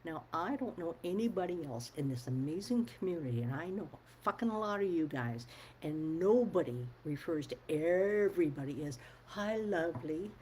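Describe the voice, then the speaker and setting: A woman's voice: low-pitched, animated, moderate pace, darkish tone, a little hiss or hum, rough recording. A woman speaking her mind in a casual monologue to camera, blunt and firm, swearing freely and stressing her points. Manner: firm and emphatic. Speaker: vlogger.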